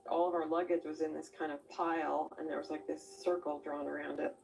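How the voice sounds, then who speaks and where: A woman in a documentary interview recalls her time as a camper, in a reflective, halting way. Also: low-pitched, level tone, vocal fry, darkish tone, far from the mic, rough recording.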